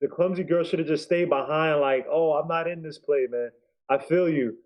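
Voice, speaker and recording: A man's voice: fairly high pitch, normal speed, lo-fi sound. A man co-hosting a casual sports talk show, joking and bantering loosely. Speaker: co-host, fan commentator. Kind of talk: casual chat.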